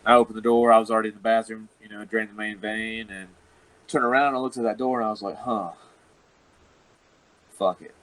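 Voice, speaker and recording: A man's voice: on the low side, little pitch movement, fast, fairly bright tone, dry recording, rough recording. A man, a wrestler, telling a rambling, profane story in casual chat and laughing often. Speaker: professional wrestler guest.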